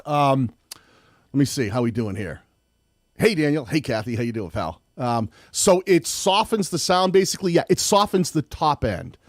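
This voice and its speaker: A man with a slight lisp hosts a live tutorial, chatting loosely with plenty of restarts. His voice sits at an ordinary pitch, and the recording is close and dry with no room sound. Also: lively intonation, normal speed, dry recording. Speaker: host. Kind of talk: live-streamed audio tutorial, reading chat.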